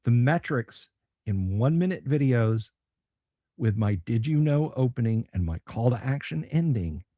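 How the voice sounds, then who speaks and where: A man's voice: mid-range voice, animated, moderate pace, mellow, dry recording, lo-fi sound. A man hosting a casual livestream chat for his tabletop gaming channel, blunt, sarcastic and profane.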